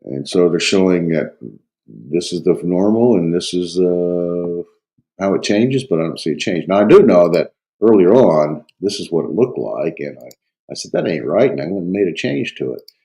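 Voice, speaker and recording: A man with a cold teaching a Greek grammar review, talking haltingly with many fillers and thinking aloud. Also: low-pitched, lively intonation, dark tone, rough recording. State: has a cold. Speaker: Greek instructor.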